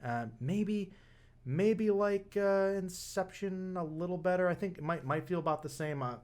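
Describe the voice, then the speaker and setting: A man's voice: high-pitched, moderate pace. Rambling young man reviewing a film. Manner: rambling, many fillers and restarts. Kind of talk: casual spoken film review.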